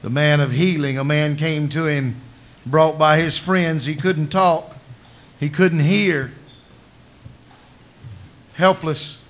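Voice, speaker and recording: A male preacher delivering a sermon like a told story, folksy and full of colloquial asides. His voice is bright and ringing and sits fairly high for a man. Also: fairly even intonation, slow, long pauses.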